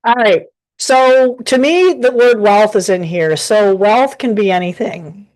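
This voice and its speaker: A woman with a mid-range, darkish voice speaks a little slowly while giving a casual live tarot reading at her home desk. Her talk is rambling and chatty, full of restarts.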